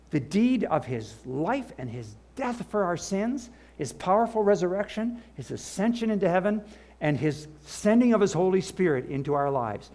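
An older man preaching a sermon, animated, with asides and the odd laugh, and a gravelly voice. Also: fairly high pitch. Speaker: pastor.

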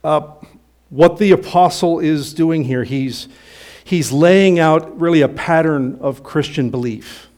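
Preacher guy w a slightly high voice, gets loud and punchy then trails off low. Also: slow. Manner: emphatic preaching, rising loud on quoted passages. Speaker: pastor. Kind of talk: sermon.

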